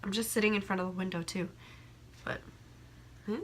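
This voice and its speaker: A young woman with a hoarse voice from a cold, chatting casually and rambling as a beauty vlogger by a window. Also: mid-range voice, steady tone, a little fast, slight background noise. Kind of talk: casual chat. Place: room by a window.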